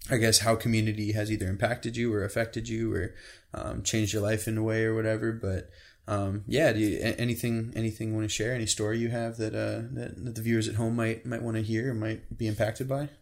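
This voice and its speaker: Lower-voiced young podcast host. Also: male voice, little pitch movement, brisk, creaky, few pauses. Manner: hesitant, many fillers and restarts. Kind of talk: casual chat.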